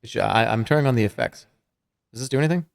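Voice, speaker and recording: A male streamer reading a fantasy game's text aloud in a playful, expressive way, with casual comments in between. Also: medium pitch, fast talker, vocal fry, no room sound, clean studio sound.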